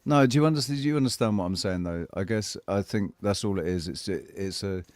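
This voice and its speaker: A man co-hosting a casual podcast, telling stories in an animated, sweary way. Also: lowish voice, brisk, no echo. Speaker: podcast co-host. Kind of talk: casual chat.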